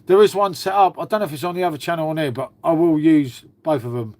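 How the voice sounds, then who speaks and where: A man's voice: on the high side, fast talker, darkish tone, no echo. A man hosting a casual livestream, chatting to viewers and swearing freely as he talks to his dog. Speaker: livestream host. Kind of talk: casual live chat with viewers.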